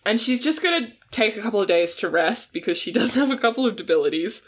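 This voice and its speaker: A woman's voice: mid-range voice, animated, quick pace. A woman playing a tabletop game, thoughtfully describing what her character does. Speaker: player.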